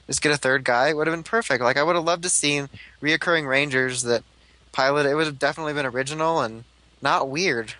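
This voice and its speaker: A man's voice: fairly high pitch, fast talker, bright, forceful tone, no echo, poor audio. A young man chatting casually about a TV show, rambling with lots of fillers. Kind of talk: casual fan chat.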